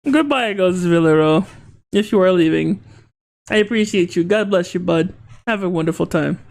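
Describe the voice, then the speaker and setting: A live streamer in casual chat with viewers, joking and breaking into excited shouts. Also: mid-range voice, moderate pace, vocal fry. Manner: excitable, jokey, bursts into laughing shouts.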